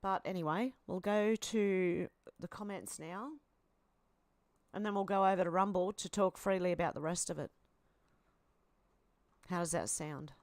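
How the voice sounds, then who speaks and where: A woman's voice: medium pitch, no room sound. Aussie woman doing a casual livestream, reading out comments and chatting between them, dry close sound. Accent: Australian. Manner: chatty, reacts aloud, with asides and fillers. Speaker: live stream host.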